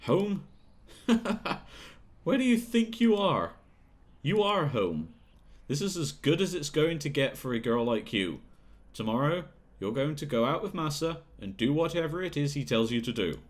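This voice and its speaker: A man's voice: mid-range voice, sing-song, normal speed, lightly acted. A man playing a bullying talent manager. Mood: coaxing. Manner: condescending, bullying, sneering. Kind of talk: video game voice-over.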